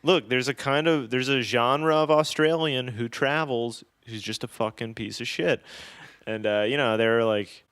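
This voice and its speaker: A man's voice: medium pitch, unhurried, a bit bright, clear, resonant tone, no echo, studio quality. A man co-hosting a podcast, telling travel stories in casual, profane, self-deprecating chat. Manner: profane, self-deprecating, puts on mocking voices in quotes. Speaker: podcast co-host.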